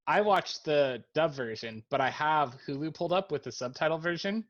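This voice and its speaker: Male podcast co-host, easily sidetracked, a bit high-pitched, dull muffled recording. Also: animated, normal speed. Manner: rambling, easily sidetracked, laughs often. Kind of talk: casual chat, reading out subtitle dialogue. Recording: muffled lo-fi audio.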